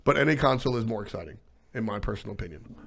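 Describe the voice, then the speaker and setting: A man with a fairly low, creaky voice talks very fast while hosting a casual esports livestream talk show. He's animated, blunt and profane, riffing and answering chat as he goes.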